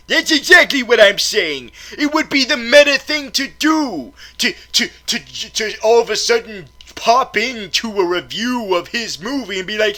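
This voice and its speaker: Panicky, stammering high-voiced man. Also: animated, moderate pace, few pauses, sharp tone. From Florida. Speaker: host and film reviewer. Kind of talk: comedic review skit.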